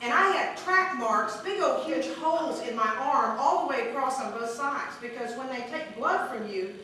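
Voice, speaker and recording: A woman's voice: high voice, expressive, moderate pace, sharp tone. A woman telling a comic personal story in a chatty, rambling way, laughing as she goes, recorded far off in an echoey, noisy room. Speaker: storyteller at an improv show.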